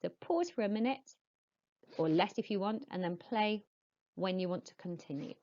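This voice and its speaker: A woman teaching French to young pupils, modelling each word slowly and clearly and explaining in patient, encouraging teacher talk. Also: medium pitch, lively intonation, a little mellow, lo-fi sound. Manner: slow, clear modelling of words for pupils to repeat. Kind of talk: recorded classroom lesson.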